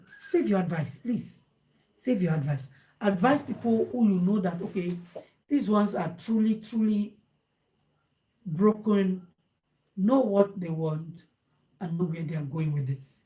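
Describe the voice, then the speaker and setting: A woman's voice: on the low side, warm tone. A woman with a Nigerian accent, hosting a casual advice talk for viewers, slipping into Pidgin and repeating phrases for emphasis. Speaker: host.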